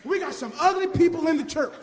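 A man preaching a call-and-response sermon, shouting and half-singing his lines. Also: extremely high pitch, lively intonation, quick pace. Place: church. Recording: echoey church hall with music and congregation.

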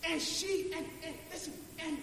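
A male pastor preaches, his voice sitting very high. He moves between hushed storytelling and loud, chanted declarations. The sound carries through a reverberant church hall with a faint hum of ambience behind it. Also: steady tone, normal speed, gravelly. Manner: preaches in rising shouts with a sung cadence. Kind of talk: sermon. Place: church sanctuary.

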